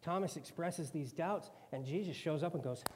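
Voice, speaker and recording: A man with a somewhat high voice preaches a sermon, talking to his listeners in a casual, conversational way and slipping into quoted voices. His words ring out with a long hall reverb around them. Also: moderate pace, darkish tone, breathy edge.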